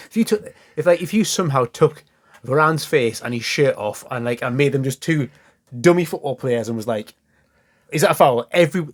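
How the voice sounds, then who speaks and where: A quick-talking man, chatting on a casual football podcast. He keeps slipping into quoted lines from others and swears freely. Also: fairly high pitch. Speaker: podcast co-host.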